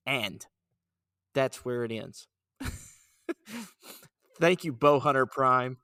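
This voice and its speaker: A man's voice: medium pitch, slow pace, pauses often, sharp tone, clean tone, no echo, studio quality. Laid-back man hosting a podcast. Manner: laughing, playful. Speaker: podcast host. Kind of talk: casual chat, reading reviews aloud.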